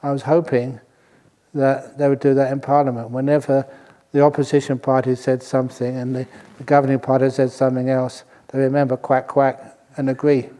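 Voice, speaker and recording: A man's voice: mid-range voice, level tone, a little fast, dark tone. An older man, a monk, giving a dharma talk to a retreat audience, telling a humorous story and often chuckling. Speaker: monk teacher.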